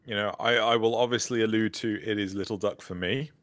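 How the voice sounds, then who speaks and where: A man co-hosting a casual podcast chat, telling stories with lively energy and acting out quotes. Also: on the low side, a little fast, no echo. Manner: animated storyteller, acts out quotes. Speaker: podcast co-host.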